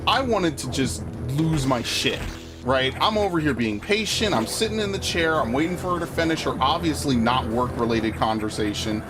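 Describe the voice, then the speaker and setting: Medium-pitched and moderately paced, this young man's voice carries a rambling let's-play story full of swearing. He gets worked up into excitable rants while streaming, with game music playing underneath.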